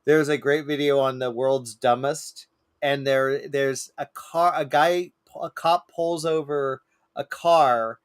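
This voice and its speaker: A man on a podcast telling stories in a casual chat, swearing freely, his voice climbing when he acts out shouting people. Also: slow, clear, resonant tone, no echo, clean studio sound. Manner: swearing, animated storyteller, rises high when quoting angry people. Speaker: podcast co-host.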